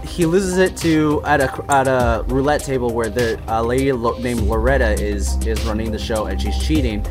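A man's voice: mid-range voice, normal speed, music in the background. A young man co-hosting a casual podcast, recapping a movie plot in a rambling way with laughs and quoted bits. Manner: rambling, laughing while retelling scenes with playful quoted voices. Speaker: podcast co-host.

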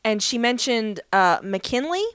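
A woman's voice: a little high, animated, unhurried, a bit bright, smooth, dry recording. A woman co-hosting a podcast, casually recapping a TV episode in a chatty storytelling manner with lots of fillers. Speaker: podcast co-host.

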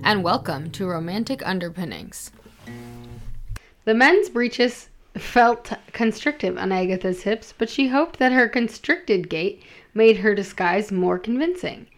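A woman's voice: mid-range voice, expressive, unhurried, soft background music. A woman hosting a podcast, reading a romance story aloud and stopping for self-deprecating asides about her pronunciation. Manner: self-deprecating, laughs at her own slips. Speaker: podcast host and reader.

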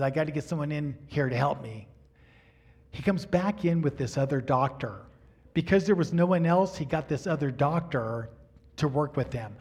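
A middle-aged man preaching, telling a personal story in an animated way and acting out the dialogue. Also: high-pitched. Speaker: pastor. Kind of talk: sermon storytelling.

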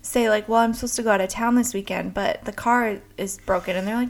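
A woman's voice: mid-range voice, steady tone, fast talker, hardly any pauses. A woman co-hosting a casual chat, walking through a film's plot step by step. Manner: explanatory, recaps the plot step by step. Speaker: podcast co-host.

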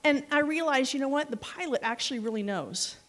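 Woman preacher, fairly high voice, animated anecdotal delivery, long hall reverb. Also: fairly quick. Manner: animated storytelling with laughs and asides. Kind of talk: sermon.

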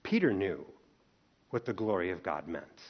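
A man preaching a sermon, telling the story in lively, expressive turns and asking the congregation rhetorical questions. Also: sits low, moderate pace. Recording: dull lo-fi recording.

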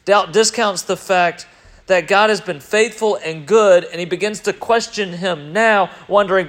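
A man with a notably high voice preaches a sermon. He swings between loud, emphatic bursts and quiet, reflective stretches. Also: normal speed.

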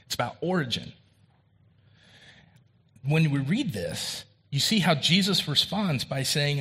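A male pastor preaching a sermon in a conversational way, acting out quoted dialogue and rising in pitch for emphasis. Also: animated, normal speed, a bit bright, slightly rough.

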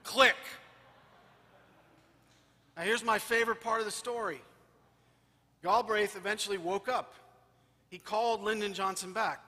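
Bright, high-voiced preaching priest. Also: male voice, steady tone, moderate pace, pauses often. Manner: emphatic, repeating phrases for rhythm. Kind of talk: sermon. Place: church. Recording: long church reverb.

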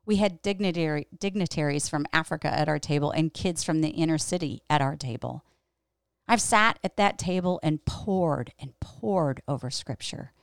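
A middle-aged woman tells a personal story in a reflective, candid tone and leans on emphatic repetition. Her voice sits low and has a gravelly texture. The recording is dry and close. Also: no echo. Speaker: podcast host and pastor.

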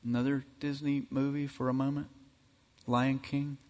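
A man preaching a sermon as pastor, emphatic and building to loud climaxes. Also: mid-range voice, flat delivery, normal speed. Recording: reverberant hall.

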